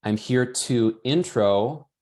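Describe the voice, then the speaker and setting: A man's voice: medium pitch, slow pace, dark tone. A man hosting and moderating an online webinar, chatting casually and reading out attendee comments as he goes.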